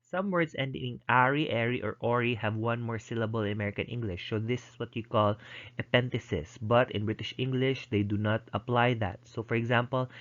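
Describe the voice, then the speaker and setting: A man lecturing and explaining step by step, with frequent ums and restarts. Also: fairly low pitch. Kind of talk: recorded lecture. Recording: dull lo-fi recording.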